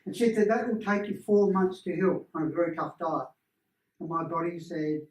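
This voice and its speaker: A man leading a workshop, telling stories in a lively, animated way and acting out voices. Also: sits high, fairly quick, highs cut off. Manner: animated storyteller who acts out voices. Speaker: energy healing workshop presenter. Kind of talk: casual teaching talk to a small group. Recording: roomy, distant room mic.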